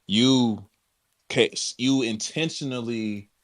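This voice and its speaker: A man's voice: medium pitch, takes it slowly, no room sound, clean studio sound. A man chatting in a laid-back, slangy way, agreeing with others. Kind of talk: casual chat.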